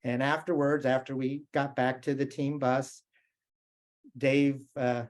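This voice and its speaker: A man's voice: medium pitch, little pitch movement, slow pace. A middle-aged man from the United States giving a motivational keynote, telling stories in a conversational way and asking the audience questions. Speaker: keynote speaker.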